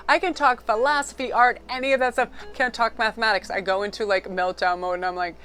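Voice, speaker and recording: A middle-aged woman doing a casual tarot reading to camera, talking in an excitable, rambling, chatty way. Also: fairly high pitch, fast talker, clean tone. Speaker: tarot card reader.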